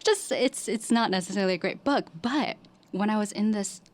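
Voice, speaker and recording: A woman who is a podcast guest, recalling her own experiences in a hesitant, casual way with many restarts and soft asides. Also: medium pitch, a little fast. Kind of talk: personal recollection in casual talk.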